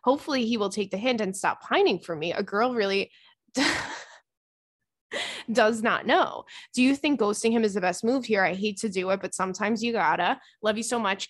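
A young adult woman hosting a podcast, reading listener emails aloud in an animated, chatty way. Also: mid-range voice, dry recording, studio quality. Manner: animated, chatty, with laughs and gasps. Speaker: podcast host.

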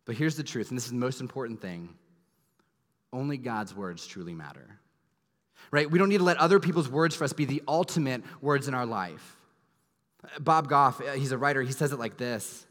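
A man in his thirties, a pastor preaching a sermon, earnest and emphatic, dropping to soft low tones at tender moments. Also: moderate pace. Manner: earnest, emphatic storytelling with sudden soft drops. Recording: long hall reverb.

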